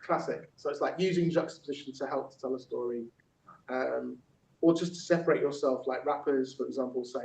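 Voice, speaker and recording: This workshop facilitator speaks a little fast in a medium-pitched, creaky, darkish voice. He teaches loosely and chattily, with many fillers and restarts, and breaks into spoken-word poetry; the large echoey room makes the recording roomy, distant and dull.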